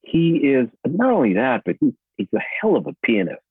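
A man's voice: fairly high pitch, wildly swooping pitch, normal speed, gravelly, husky, no room sound. A man, an actor guest, chatting casually in an interview, rambling with many fillers and restarts. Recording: tinny phone-like line, dry.

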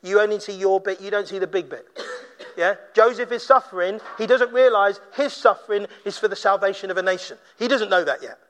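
A man's voice: high voice, a little fast, fairly bright tone. A man preaching a sermon in a conversational way, briefly acting out the people he quotes. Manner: conversational, acts out quoted voices. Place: church.

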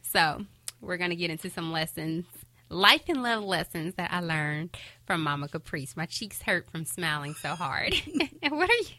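A woman's voice: lowish voice, sing-song, moderate pace, dry recording. A woman hosting a podcast in casual, heartfelt talk, cheering listeners on with emphatic repetition. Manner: warm, encouraging, emphatic repetition. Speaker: podcast host.

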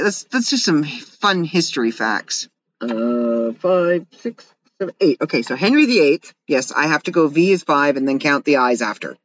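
A giggly woman reads fun facts aloud, making jokes as she goes. Her pitch swings widely from line to line. The recording sounds dull and lo-fi. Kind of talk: casual reading of fun facts with quips.

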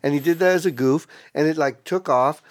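A man as a podcast guest in casual chat, telling stories in a profane, animated way. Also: fairly high pitch, brisk, no room sound, clean studio sound.

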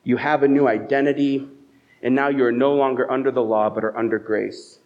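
A man's voice: medium pitch, darkish tone. A male pastor giving a conversational sermon at a church service, telling stories and asking rhetorical questions. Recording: dull, muffled lo-fi sound.

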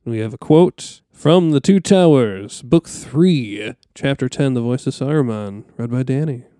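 A man's voice: mid-range voice, measured pace, warm tone, no echo, clean studio sound. A man co-hosting a casual podcast chat, summarizing in a plain, matter-of-fact way. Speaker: podcast co-host.

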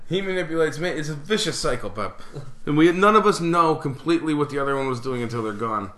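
A man's voice: fairly high pitch, expressive, fast, bright, forceful tone. A man co-hosting a podcast, telling family stories in casual chat, swearing freely and laughing often. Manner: profane, laughing, mimics relatives in quoted voices. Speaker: podcast co-host. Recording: echoey room.

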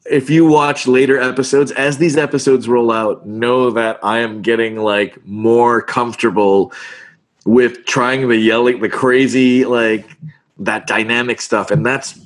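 A man, a voice actor, talking casually in an interview, animated and fast, often restarting his words. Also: mid-range voice. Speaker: voice actor guest.

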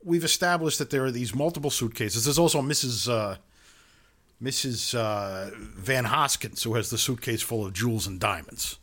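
A man co-hosting a podcast, chatting casually about a film and often pausing on fillers. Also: medium pitch, fairly bright tone. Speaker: podcast co-host.

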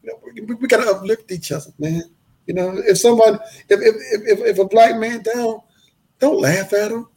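A man telling his life story in a casual interview, animated and acting out the voices of the people in it. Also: high voice, brisk. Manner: animated, acts out quoted voices, repeats phrases.

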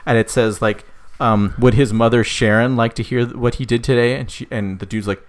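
A man casually telling a made-up story, rambling with many fillers, swearing, and voicing the characters' lines in a higher pitch. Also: fairly even intonation, fairly quick.

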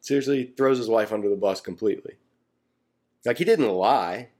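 A man's voice: fairly low pitch, brisk, darkish tone. A man teaching through a Bible passage in a casual, conversational way, animatedly acting out the people he quotes.

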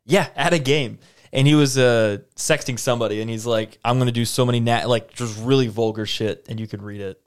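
A man casually chatting and reacting to online videos with a co-host, blunt and quick to swear. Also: mid-range voice, fairly even intonation, clear, resonant tone.

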